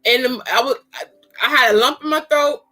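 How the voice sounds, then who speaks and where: Middle-aged lady on her live, crisp bright voice, animated and slangy, little music playing behind. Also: sits high, normal speed. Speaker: livestream host. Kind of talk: casual chat.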